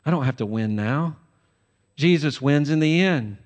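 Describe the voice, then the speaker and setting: A man preaching in a big church sanctuary, slow and deliberate, his voice a touch higher than most men's. He swings between forceful, rising warnings and hushed, gentle lines. Long reverb from the hall trails every phrase. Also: lively intonation. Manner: emphatic preaching, voice rises on warnings and drops soft on grace. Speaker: pastor. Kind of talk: sermon.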